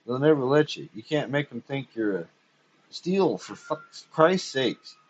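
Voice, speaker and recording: A man reading aloud, voicing a gruff, blunt, swearing male robot mechanic in a husky voice. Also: mid-range voice, lively intonation, measured pace, slight background noise, pitched above the performer's own voice, lightly acted. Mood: alarmed. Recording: dull lo-fi recording.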